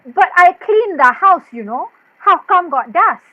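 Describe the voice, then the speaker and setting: A woman's voice: very high voice, sing-song, measured pace, heavily acted. A woman playing a plucky young Indonesian maid who speaks bluntly, in a staged play reading. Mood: earnest. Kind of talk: staged play reading over video call. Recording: dull muffled video-call audio.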